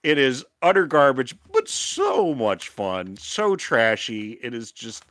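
A man co-hosting a podcast in casual chat, animated and often laughing. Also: mid-range voice, slow pace, no room sound. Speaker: podcast co-host.

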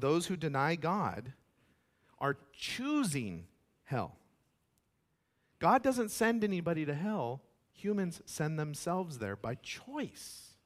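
A man preaching a sermon as pastor, emphatic, acting out quoted voices and swinging between loud declarations and hushed asides. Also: sits high.

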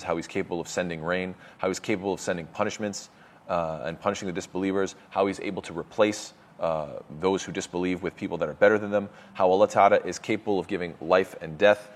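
A man teaching a religious lesson, explaining terms with many fillers and restarts and quick Arabic quotations. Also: low voice. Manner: reads Arabic quotes quickly. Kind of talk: explaining a lecture.

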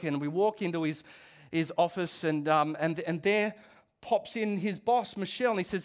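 A middle-aged pastor delivers a sermon in a lively, conversational way. His voice sits high for a man, and he breaks off into asides and restarts as he speaks. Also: normal speed.

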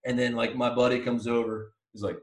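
A man co-hosting a podcast who tells a story excitedly in casual chat, swearing often and acting out his own yelling. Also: medium pitch, brisk. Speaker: podcast co-host. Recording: roomy echo.

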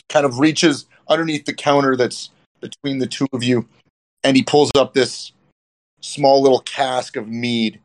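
A man's voice: mid-range voice, fairly even intonation, a little slow. A man running a tabletop role-playing game, narrating scenes and speaking in character between descriptions. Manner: switches between narration and in-character dwarf talk. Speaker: dungeon master.

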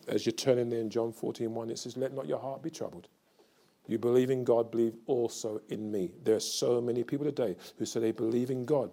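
An older man preaching a sermon, telling a story slowly and then building to loud, fervent preaching. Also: mid-range voice, gravelly.

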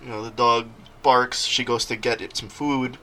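Bright-voiced young man hosting a podcast. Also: medium pitch, moderate pace. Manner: laughing, animated storytelling with quoted voices. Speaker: podcast host. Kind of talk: casual podcast chat.

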